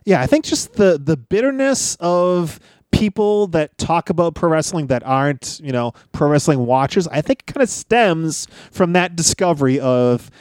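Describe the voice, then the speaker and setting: Male podcast co-host, high voice, dry close sound, thoughtful and rambling. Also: animated, moderate pace, a little mellow, no echo. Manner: reflective, rambling with fillers. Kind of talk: casual podcast chat.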